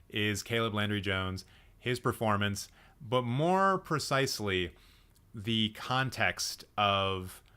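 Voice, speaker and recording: A slightly low-voiced man with a bright, forward tone chats casually on a live stream about films. He thinks aloud, circling back with frequent ums and restarts while responding to his chat. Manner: reacts to chat comments. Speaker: livestream movie chat host.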